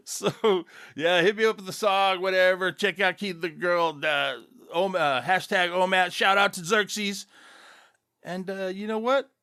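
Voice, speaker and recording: A man hosting his own podcast, rambling loosely and casually with chuckling asides, relaxed after an edible. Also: sits high, a little slow, clean tone, no room sound, clean studio sound. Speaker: podcast host.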